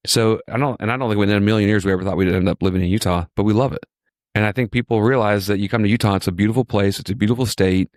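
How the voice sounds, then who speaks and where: A low-voiced man from Virginia hosts a podcast, chatting with an easy, enthusiastic flow and circling back to repeat his points. The sound is dry and close, with no room around it. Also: steady tone, racing, darkish tone, dry recording. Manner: chatty, repetitive, enthusiastic storyteller. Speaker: injury lawyer, podcast host. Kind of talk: casual podcast chat.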